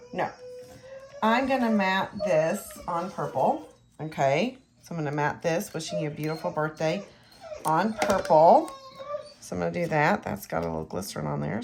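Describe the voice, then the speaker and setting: A woman's voice: lowish voice, creaky, slight background noise. A woman demonstrating card making in a chatty tutorial, talking straight to the viewer and often dropping to a near-whisper as she works. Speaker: craft demonstrator. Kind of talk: hands-on crafting tutorial.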